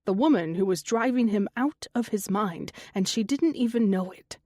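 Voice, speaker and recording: A woman narrating a fantasy romance audiobook in a steady storytelling manner. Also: medium pitch, moderate pace, dry recording, clean studio sound. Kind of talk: scripted narration.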